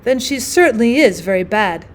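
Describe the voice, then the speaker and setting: A woman voicing a spiteful, greedy old washerwoman in a storybook reading, with a shrill, grave manner. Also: lively intonation, normal speed, lightly acted. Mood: prying.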